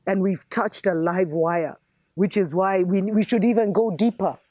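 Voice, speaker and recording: A woman's voice: medium pitch, steady tone, unhurried, dark tone, dry recording. A woman host giving an impassioned spiritual commentary monologue, fervent and preachy, calling her viewers family.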